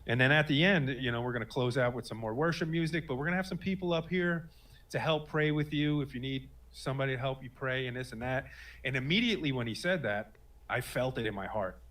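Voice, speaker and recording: Speaking fast in a mid-range, fairly bright voice, a man in his late thirties shares a personal story as a guest. The casual testimony comes out earnest and rambling, with lots of fillers and restarts.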